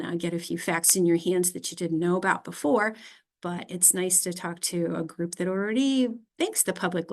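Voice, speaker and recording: A middle-aged woman with an Upper Midwest American accent, giving a friendly, chatty presentation as a library director. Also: fairly low pitch. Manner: friendly, chatty, with fillers and small laughs. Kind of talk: casual presentation.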